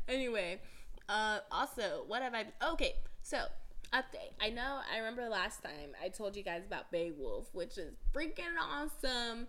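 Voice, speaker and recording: A woman's voice: on the high side, animated, normal speed, bright, forceful tone. A young woman hosting a podcast in a chatty, giggly, casual way, full of filler words. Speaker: podcast host. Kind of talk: casual chat.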